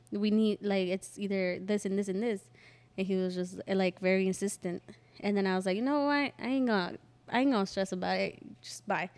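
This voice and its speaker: Young woman podcast host, casual, animated storyteller with salty language. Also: mid-range voice, smooth. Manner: animated storyteller who acts out quotes and swears freely. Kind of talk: casual chat.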